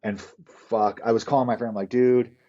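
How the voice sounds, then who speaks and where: A middle-aged man with a low, husky voice talks through his past in a loose, rambling way, dropping curses as he goes. His tone is dark and mellow. The recording is dull and lo-fi. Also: fairly even intonation, quick pace. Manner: candid, profane, rambling storyteller. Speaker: podcast guest. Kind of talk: casual storytelling interview.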